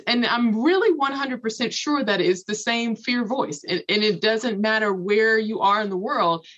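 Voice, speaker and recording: A woman's voice: a little high, fairly bright tone, muffled recording. A woman from Los Angeles, a podcast guest and author, giving a motivational talk in an earnest, emphatic way and repeating key phrases. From Los Angeles, United States. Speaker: guest, author and former math professor.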